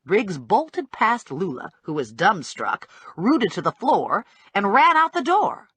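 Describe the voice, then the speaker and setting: A woman reading a first-person audiobook in a wry, brisk storytelling manner, on a close studio mic. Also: mid-range voice, very animated, a bit bright, slightly rough. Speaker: audiobook narrator.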